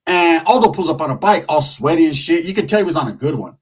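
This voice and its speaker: A man's voice: on the high side, quick pace, husky, recorded from a distance. A man telling a profane, comedic street story in loose slang, acting out the people in it. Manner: loose street slang, animated with lots of acted quotes.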